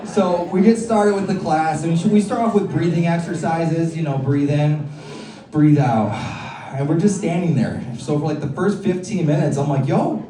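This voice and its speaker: A man's voice: a little high, normal speed, dark tone. A man performing a stand-up comedy set, brash and crude, teasing the crowd in a comedy club. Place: comedy club stage with live audience. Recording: roomy club sound from a distant mic. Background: audience laughter.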